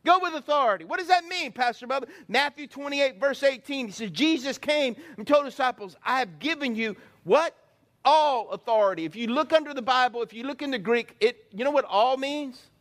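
A man with a high, bright voice preaches a lively sermon. He acts out little voices and shouts, then drops low and quiet. He keeps calling out to the congregation for answers. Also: fairly quick. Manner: animated preaching with acted-out voices and call-and-response. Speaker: pastor.

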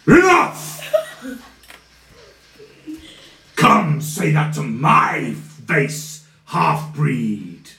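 A man voicing an arrogant, cruel male villain mage who taunts slowly and theatrically in a tabletop game. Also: medium pitch, expressive, far from the mic, faint music behind. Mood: mocking. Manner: slow, sneering, theatrical taunts. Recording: echoey room with faint noise.

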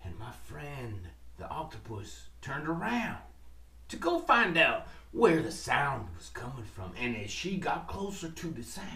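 A man's voice: medium pitch, sing-song, a little slow, sharp tone, far from the mic. A man telling a story to listeners, dramatic and calling out to them. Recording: roomy, from off mic.

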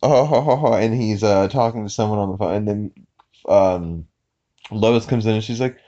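A man with a lowish voice talks through a cartoon episode in a loose, rambling way, full of "uh" and "um" and quick restarts. He slips into brief silly voices when quoting characters. The audio sounds dull and lo-fi. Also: fairly even intonation, mellow. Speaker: podcast host. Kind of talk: casual episode recap.

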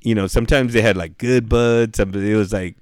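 Middle-aged man, low smooth voice, relaxed profane storyteller, dry close mic. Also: fairly quick, no room sound. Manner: profane, laid-back, full of "dude" and "bro", acts out quotes. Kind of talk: casual storytelling chat.

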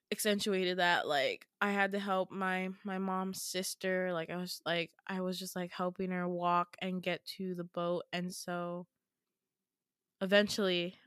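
Woman podcaster recounting a dream, super casual, says like constantly, laughs a lot, smooth clear voice. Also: on the low side, fairly bright tone, no room sound, studio quality. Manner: chatty, heavy use of filler "like"; laughs often while talking. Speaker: podcast host.

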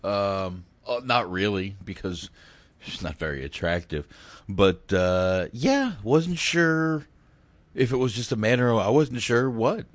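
A man's voice: lowish voice, big pitch swings, slow, dry recording. A man hosting a casual film chat, rambling and crude, with many hesitations. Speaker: podcast host.

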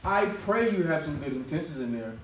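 A man preaching a conversational sermon, lively and quick to laugh, acting out the voices he quotes. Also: on the high side, slight background noise. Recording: roomy echo from a distance, faint ambience.

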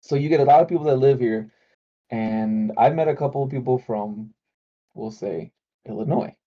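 A man's voice: medium pitch, normal speed, warm tone, highs cut off. A man from the Chicago area, co-hosting a casual chat and telling riled-up, profane stories. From Chicago area, USA. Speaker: podcast co-host.

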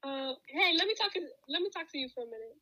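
Bright-voiced young woman, blunt and slangy. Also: sits high, animated, quick pace, low-quality recording. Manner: blunt, slangy, bursts into laughter. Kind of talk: casual podcast chat.

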